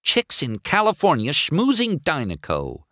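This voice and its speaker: A man voicing a cocky, irritable young male race car in a storybook reading, griping and raised in pitch. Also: wildly swooping pitch, unhurried, sharp tone, no echo, studio quality, exaggerated voice.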